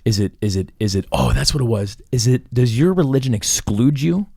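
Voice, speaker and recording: A man's voice: medium pitch, animated, fairly quick, vocal fry, a little mellow, slightly rough, dry recording, clean studio sound. A young man co-hosting a podcast, talking in a loose, rambling way with many restarts and easy laughs. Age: young adult. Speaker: podcast co-host. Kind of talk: casual chat.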